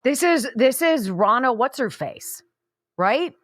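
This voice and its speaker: Animated, indignant woman radio host. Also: high-pitched, slow pace, no echo, clean studio sound. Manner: emphatic, indignant, sarcastic. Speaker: radio talk show host. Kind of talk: opinionated political talk radio.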